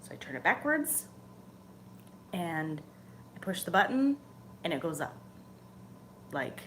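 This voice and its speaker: A woman's voice: on the low side, very animated, unhurried, long pauses, a bit bright, slight background noise. A young woman on her channel, telling a story in a casual, chatty way, swearing freely and sometimes dropping to a whisper. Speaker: channel host. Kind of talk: casual chat.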